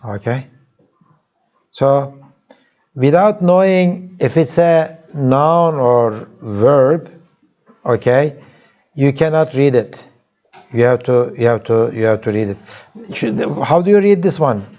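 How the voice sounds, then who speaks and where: A male university lecturer with a Turkish accent, speaking in a mellow, dark-toned voice at a middling pitch. He talks in a halting classroom manner, breaks off into fillers, and keeps asking the class "okay?" and "right?". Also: lively intonation. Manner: halting, with many filler sounds and restarts.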